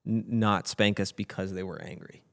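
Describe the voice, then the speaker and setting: A man with a somewhat low voice chats through family anecdotes, often pausing on fillers. He speaks as a podcast co-host, and his voice rings in a reverberant room. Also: fairly even intonation, gravelly, fairly bright tone. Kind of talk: casual discussion.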